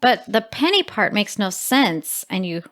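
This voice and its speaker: Animated woman co-host with a lively pitch. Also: a little slow. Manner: animated, mock-indignant. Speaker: podcast co-host. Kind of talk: casual chat. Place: small studio.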